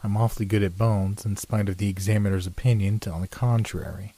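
A man voicing a blunt, jokey young male student who talks briskly and impatiently. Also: on the low side, fairly even intonation, dark tone, dry recording, natural voice. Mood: brusque.

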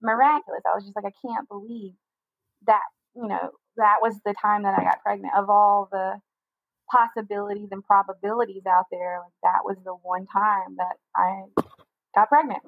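A young woman telling a personal story in a casual interview, talking quickly with lots of "like" fillers. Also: medium pitch, flat delivery, gravelly, no room sound, phone-quality sound. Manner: fast chatty storytelling with many "like" fillers. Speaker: guest telling her story.

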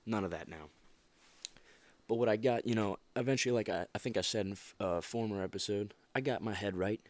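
Young man, very low voice, dry close sound, rambling motivational talk. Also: brisk, no room sound. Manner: emphatic, rambling with many restarts and fillers. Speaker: podcast host. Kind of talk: casual motivational monologue.

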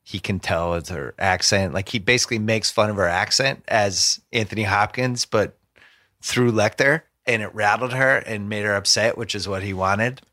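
A man hosting a podcast interview, chatty and casual, telling quick anecdotes. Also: lowish voice, bright, forceful tone, no room sound, clean studio sound. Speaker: podcast host.

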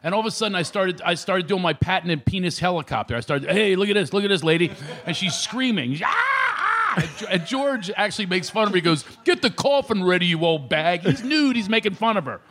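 A man's voice: sits high, fast talker, few pauses, a crowd in the background. A middle-aged male comedian from the Philadelphia area telling stories on a radio show, acting out voices and laughing often. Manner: animated storyteller, acts out voices, laughs often. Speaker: comedian guest.

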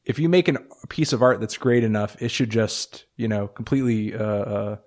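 A man's voice: lowish voice, fairly quick, darkish tone. A man hosting a podcast interview in casual chat, hesitant, with many fillers and restarts. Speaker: podcast host.

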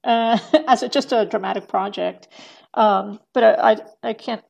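Gravelly woman rambling through a podcast chat. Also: on the high side, a little slow, darkish tone. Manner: rambling with many fillers and restarts, laughing often. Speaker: guest. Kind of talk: casual podcast conversation.

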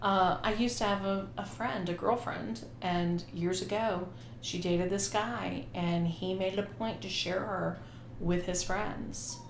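A woman co-hosting a casual podcast, playful and agreeable and quick to laugh. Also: mid-range voice, fairly even intonation, vocal fry, reverberant, slight background noise. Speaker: podcast co-host. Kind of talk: casual chat.

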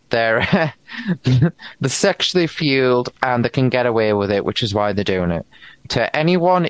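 A man talks over a close, dry microphone in a loose podcast chat. His pitch sits in an ordinary middle range. He rants bluntly and swears freely. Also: clean tone, no echo, low-quality recording. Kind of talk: casual opinionated chat.

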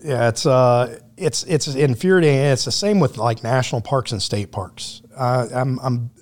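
A man speaking as a podcast guest in loose, casual conversation. He tells his stories bluntly, with plenty of swearing, at an ordinary middle pitch. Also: normal speed. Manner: blunt, profane storyteller.

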